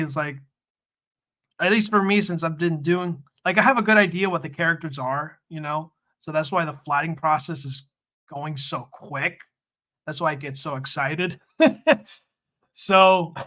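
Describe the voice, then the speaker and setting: A man's voice: on the high side, sharp tone. A young man chatting casually with his viewers while he colors on a live stream, laughing often and calling everyone dude and man.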